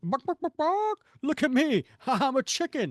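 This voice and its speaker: A man plays a crazed comic book villain convinced he is a chicken. The voice is pushed high and swoops wildly as it squawks and giggles. The recording is dry and close. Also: very animated, normal speed, no room sound. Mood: giddy. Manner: giddy, squawking, cackling. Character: manic grown male villain who believes he's a chicken.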